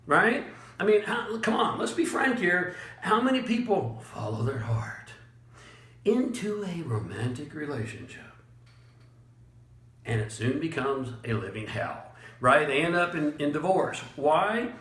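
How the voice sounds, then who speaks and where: A man giving a motivational talk as a leadership coach, blunt and emphatic, chuckling often and using dramatic pauses. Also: fairly high pitch, big pitch swings, fairly bright tone, echoey room. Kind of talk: motivational monologue.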